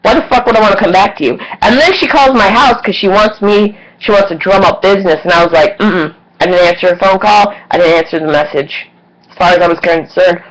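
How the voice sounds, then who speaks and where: A woman's voice: on the low side, rough recording. A woman vlogger telling a personal story candidly and casually, swearing and acting out what others said. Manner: candid, swearing, animated retelling with quoted voices.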